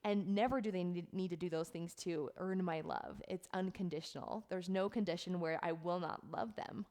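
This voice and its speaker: Middle-aged woman coach, earnest and heartfelt, unhurried and soft, repeats words for emphasis, speaking to camera. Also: on the low side, fairly even intonation. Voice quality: earnest and heartfelt, close to tears at times. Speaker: life coach. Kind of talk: reflective talk to camera.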